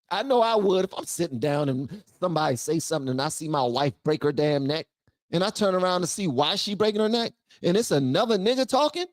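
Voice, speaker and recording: A man hosting a live stream who rants with a lot of energy and reads viewers' chat aloud. He swings between shouting and low muttering. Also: expressive, fairly quick, no room sound, clean studio sound. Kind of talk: ranting commentary and reading chat on a live stream.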